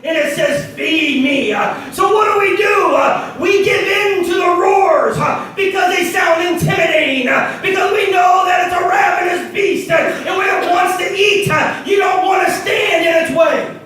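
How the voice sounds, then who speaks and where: Guy preaching loud and high, lots of uh's, booming echo in a church hall, mic way off. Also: moderate pace, few pauses, some chatter behind. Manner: shouted preaching with many "uh" fillers, dropping to quiet asides. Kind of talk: sermon. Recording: echoey hall picked up from far off, faint hiss.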